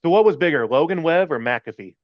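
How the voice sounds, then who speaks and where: A man's voice: a little high, lively intonation, a little fast, dry recording, muffled recording. A man co-hosting a sports podcast, joking playfully and laughing often. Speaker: podcast co-host. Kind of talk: casual sports podcast chat.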